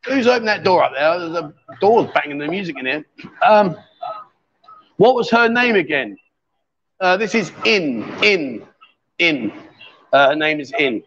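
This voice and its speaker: This is a man in his fifties with a fairly high voice, hosting a loose, chatty livestream from a busy bar. He jokes and teases his guests throughout, and the sound is dull and lo-fi. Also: sing-song, measured pace, pauses often, a bit bright, a little hiss or hum. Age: 50s. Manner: joking, teasing banter. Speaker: livestream host. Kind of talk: casual chat. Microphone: handheld microphone.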